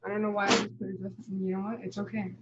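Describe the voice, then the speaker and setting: A woman's voice: medium pitch, little pitch movement, fast talker, muffled recording, slight background noise. A woman teaching kindergarten in a live online lesson, patiently sounding out words letter by letter as she models writing a sentence.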